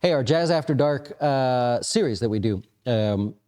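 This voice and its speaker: Man, market-commentary host, mellow tone, casual and rambling, lots of uhs, mid pitch. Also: lively intonation, a little slow, clear, resonant tone. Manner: conversational, frequent fillers and restarts. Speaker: investment firm host.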